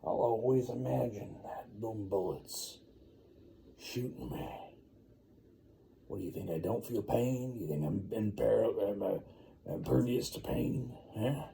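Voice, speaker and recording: A man's voice: on the low side, unhurried, creaky, warm tone. Tryndamere, a man voicing a sulky barbarian. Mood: resentful. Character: a brash barbarian warrior man, grudging.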